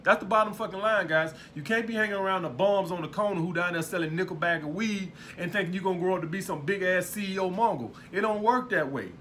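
A man's voice: sits high, fast talker, hardly any pauses, a bit bright, slight background noise. A man coaching viewers in a casual monologue, talking bluntly with plenty of swearing and asking "all right?" again and again. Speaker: dating and lifestyle coach.

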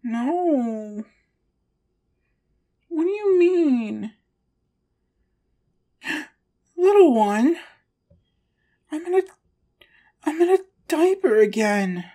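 A woman performs a scripted audio role-play in a pouty, whiny voice that keeps protesting. Her voice sits a little high and swings widely in pitch, and she draws her words out very slowly. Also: animated, warm tone.

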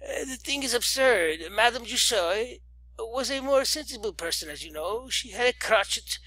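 Man putting on a shrill scolding old lady. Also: lively intonation, normal speed, bright, forceful tone, dry recording, heavily acted, poor audio. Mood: scornful. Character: indignant old lady who crows like a rooster.

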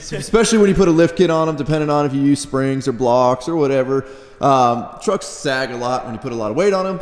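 A man's voice: mid-range voice, a little mellow, roomy sound, in a large hall. A man hosting a truck vlog at an outdoor job site, joking and teasing his friends as they work. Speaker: vlog host. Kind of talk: casual truck vlog chat.

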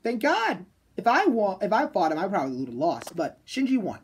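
A woman giving a casual, rambling spoken review of an anime, chatty and excitable, full of fillers and restarts. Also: mid-range voice, brisk, breathy edge. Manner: excitable, jumps into loud shouted bits.

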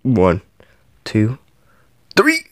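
A man's voice: medium pitch, wildly swooping pitch, very slow, dry recording, clean studio sound. A man playing a mobile game on camera, counting each flip aloud and yelping or groaning at every near miss. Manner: counts flips aloud, yelps and groans at misses. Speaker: gaming channel host.

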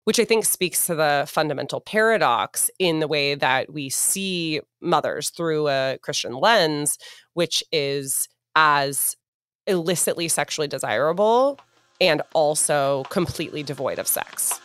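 An articulate woman co-hosts a podcast, laughing easily as she talks through ideas. Her voice sits a little low for a woman. The sound is close and dry, with no room around it. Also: lively intonation, unhurried, fairly bright tone, clean tone, no echo. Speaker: podcast co-host. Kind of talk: academic conversation.

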